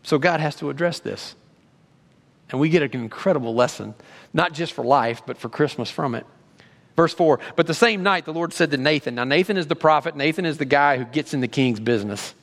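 A male pastor preaching a sermon, animated, acting out God's words with rising emphasis. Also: fairly high pitch, fairly quick. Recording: long reverb of a large hall.

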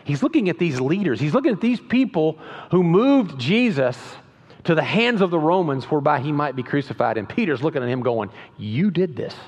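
A man's voice: a little high, animated, fairly quick, a little mellow. A man preaching a sermon as pastor, in a conversational style with emphatic rises and frequent restarts. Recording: dull lo-fi sound with long hall reverb.

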